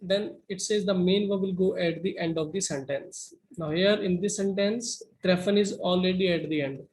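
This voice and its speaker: A man's voice: high voice, fairly even intonation, a little mellow, low-quality recording. A man teaching German grammar to students, going step by step through rules and often checking in with "right?". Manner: slow, methodical, with repeated "right?" checks.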